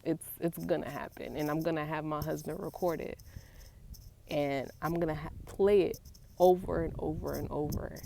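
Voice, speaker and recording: A woman in her twenties chatting casually to camera as a vlogger, animated and playful, turning aside now and then to talk to her young son. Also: low-pitched, moderate pace, vocal fry. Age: 20s. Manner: animated, talks to her child while filming; playful, acts out grandkids and her mother.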